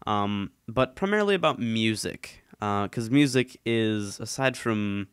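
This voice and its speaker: A man talks casually and at length, full of ums, restarts and asides, still a little stuffed up from a cold. His voice is smooth and clear, recorded close and dry with no room sound. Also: lowish voice, expressive, measured pace, dry recording. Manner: rambling, many ums and restarts. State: slightly congested. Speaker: YouTube commentator. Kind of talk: casual solo chat. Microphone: headphones, desk mic.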